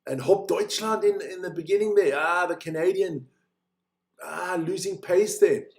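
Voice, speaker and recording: Excitable higher-voiced male race commentator. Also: measured pace, gravelly. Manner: chatty, joking, excitable during races. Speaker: live watch-along commentator. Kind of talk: casual live race commentary.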